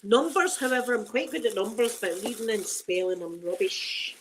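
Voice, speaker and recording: A woman's voice: fairly high pitch, animated, a little fast, a little hiss or hum. A woman with a Scottish accent, hosting a casual unboxing chat. She is chatty and emotional and stumbles when reading aloud. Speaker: ASMR channel host.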